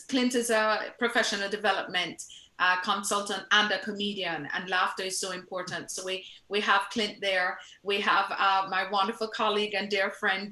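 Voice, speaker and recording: A woman's voice: medium pitch, bright, forceful tone, echoey room, poor audio. A woman hosting an online webinar panel, thanking speakers and introducing guests at length in a gracious manner. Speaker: webinar host.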